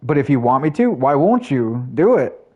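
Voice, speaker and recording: A man's voice: mid-range voice, very animated, moderate pace, narrow, tinny audio. A man streaming live, chatting casually with his viewers in a rambling way with lots of fillers. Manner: chatty, rambling, talks to chat, frequent fillers.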